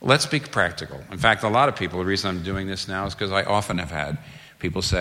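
A man preaches to a congregation, earnest and emphatic, restarting phrases as he presses his point. His voice is somewhat low yet bright and forceful. The sound carries the long reverb of a large hall. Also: quick pace. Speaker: pastor. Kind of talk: sermon.

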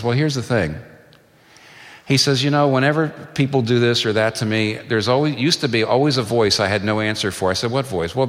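A man's voice: on the low side, fairly bright tone, in a large hall. A male pastor preaching a sermon in a conversational, storytelling way, stressing points through repetition.

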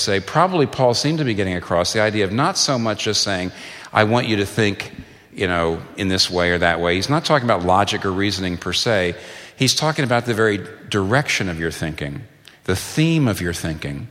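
A man's voice: lowish voice, fairly bright tone, long reverb tail. A male pastor preaching a sermon in a conversational, storytelling way, stressing points through repetition.

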